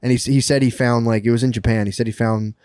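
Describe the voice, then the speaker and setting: A man co-hosting a podcast, telling a story in casual chat, excited and profane, laughing and acting out the people he quotes. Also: mid-range voice, fast, smooth, no echo, studio quality. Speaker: podcast co-host.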